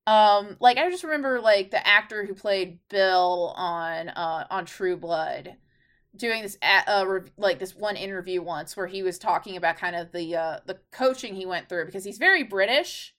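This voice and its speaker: A woman's voice: mid-range voice, normal speed, a bit bright. A woman co-hosting a podcast in casual chat, talking loosely with lots of "like" fillers. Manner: chatty, heavy use of "like" fillers. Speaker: podcast co-host.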